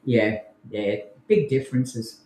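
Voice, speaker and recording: A man's voice: medium pitch, takes it slowly, darkish tone, slight background noise. A man with an Australian accent co-hosting a podcast in easygoing, rambling casual chat. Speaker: podcast co-host. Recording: roomy echo.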